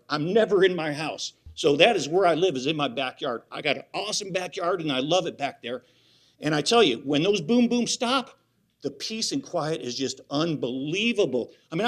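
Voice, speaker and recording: A man's voice: high voice, fairly bright tone. A man giving public comment at a county hearing, worked up and insistent, repeating his complaints.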